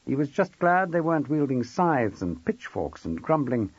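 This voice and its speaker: A man narrates an audiobook with wry, expressive delivery. His pitch rises and falls widely, and his voice has a husky edge. The recording is dry and somewhat dull. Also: moderate pace, no echo. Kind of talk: scripted narration.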